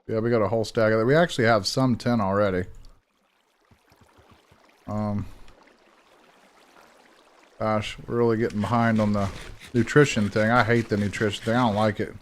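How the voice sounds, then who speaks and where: A man's voice: on the low side, steady tone, normal speed, pauses often. A young man casually talking through his gameplay as the host of a gaming channel, rambling and chatting to himself as he plays. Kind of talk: casual let's-play commentary.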